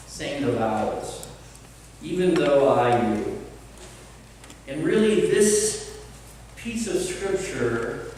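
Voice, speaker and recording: A man preaching a sermon, slow and deliberate with pauses, in a church sanctuary. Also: fairly high pitch, a little hiss or hum. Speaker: pastor. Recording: roomy church hall, mic at a distance, faint ambience.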